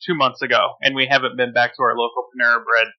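A man's voice: medium pitch, level tone, fast talker, muffled recording. A middle-aged man co-hosting a podcast, telling a heated story with lots of swearing in casual chat. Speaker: podcast co-host.

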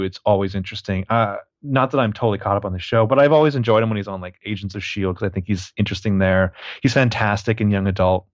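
A man co-hosting a movie podcast, rambling along in a crude, wry way. His voice sits a bit low, and the recording is dry and somewhat dull, with the highs rolled off. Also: no room sound. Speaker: podcast co-host. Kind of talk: casual movie review chat.

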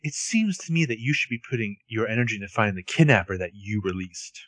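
A man's voice: fairly low pitch, lively intonation, fast, a bit bright, no room sound. A man voicing a defensive middle-aged father in a casual podcast role-play reading, answering curtly.

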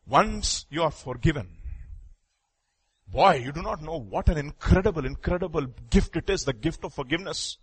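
Male preacher, higher voice, impassioned sermon that shifts between loud urgency and a hushed plea. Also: expressive, moderate pace, husky.

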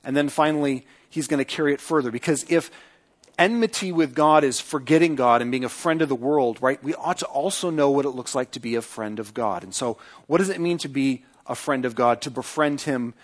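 Middle-aged male pastor, sermon delivery, rhetorical questions to the congregation, quieter when praying. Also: a little fast. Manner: acts out quoted speech with lifted pitch; prays in a softer, lower voice.

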